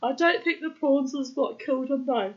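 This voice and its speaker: A woman's voice: sits high, moderate pace, lo-fi sound. A woman telling a story casually, laughing often, swearing freely and acting out the people she quotes.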